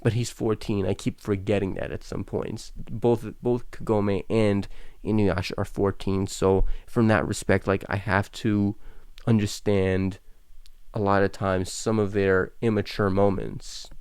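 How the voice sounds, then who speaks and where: A young man with a fairly low voice talks through an anime episode in casual reaction commentary, circling back and restarting his sentences as he stammers along. The sound is close and dry, with no room around it. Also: level tone, measured pace, a little mellow, clear, resonant tone, dry recording. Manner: rambling, stammers and restarts often.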